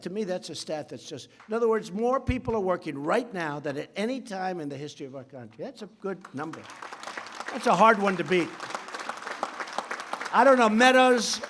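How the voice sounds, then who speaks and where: A man's voice: high-pitched, slight background noise. A man giving an off-the-cuff speech at a signing event, rambling and boastful, with asides to people in the room.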